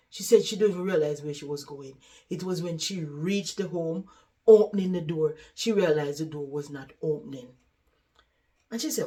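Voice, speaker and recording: A woman's voice: low voice, normal speed, warm tone. A woman who works as a caregiver, earnestly retelling a patient's story in a conversational vlog. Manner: earnest, conversational retelling with many "she said" tags.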